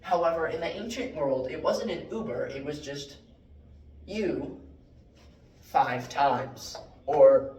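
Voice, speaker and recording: A man giving a mock classroom lecture, rambling through deadpan fake word origins with many fillers. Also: on the high side, slow. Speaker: joke Latin teacher. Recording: echoey room, mic at a distance.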